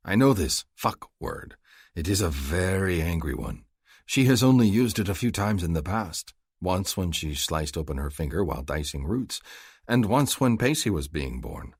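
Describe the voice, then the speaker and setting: A man narrates a first-person romance audiobook in an earnest, expressive way. His voice is very deep with a husky grain, and it swings widely in pitch. The sound is dry and close. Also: dry recording.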